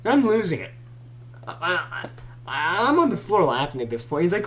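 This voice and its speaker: A young man with a high-pitched voice hosts a podcast, telling a story at a moderate pace in casual chat. He's an animated storyteller who acts out quotes and laughs a lot.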